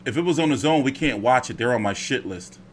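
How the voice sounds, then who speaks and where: Speaking quickly at a medium pitch, a man chats through a casual home boxing stream, rambling, animated, and unafraid to curse. There's a bit of hiss or hum in the audio.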